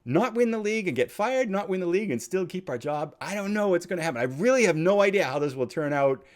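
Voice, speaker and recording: A man hosting a let's play, thinking aloud as he plays and swinging from quiet muttering to loud excited cheering. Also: sits high, fast talker. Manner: chatty, thinks aloud while clicking. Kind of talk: game commentary.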